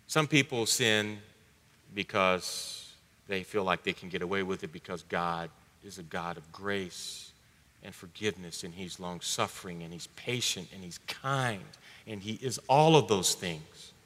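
A male pastor preaching a sermon, swinging between loud emphatic bursts and hushed low lines. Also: a little slow. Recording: long hall reverb.

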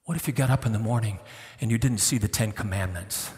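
A middle-aged man preaching a sermon as a guest preacher, swinging from loud pleading to hushed, tender near-whispers. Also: lowish voice, fast. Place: church sanctuary. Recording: long hall reverb.

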